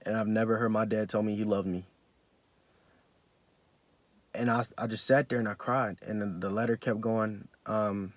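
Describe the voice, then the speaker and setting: A man's voice: fairly low pitch, flat delivery, normal speed, long pauses, no echo. Young man telling an emotional story. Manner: emotional, heartfelt, with many fillers and restarts. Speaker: vlogger. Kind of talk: personal storytelling to camera.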